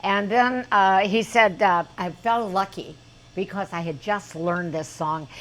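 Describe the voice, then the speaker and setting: A woman in her eighties, a guest singer, telling lively show-business stories in a chatty way. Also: mid-range voice, measured pace, poor audio. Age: 80s. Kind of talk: anecdotal storytelling.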